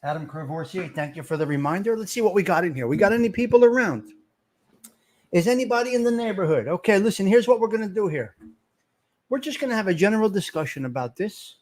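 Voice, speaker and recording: A man hosting a casual livestream, talking loud, profane and fired-up. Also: sits high, expressive, quick pace. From Italian-American. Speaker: livestream host.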